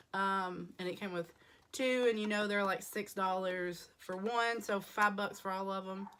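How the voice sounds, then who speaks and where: Woman, hoarse, beauty vlogger, casual rambling haul chat, mid pitch. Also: bright, forceful tone, slight background noise. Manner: chatty, rambling with many fillers.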